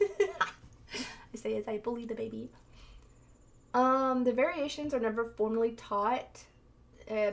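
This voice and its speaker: A woman's voice: a little high, a little hiss or hum. A woman streaming a game she is playing for the first time, chatting casually with her viewers in a rambling, giggly way and breaking into long laughing fits. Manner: rambling, chatty, talks to chat. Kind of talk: casual gameplay commentary.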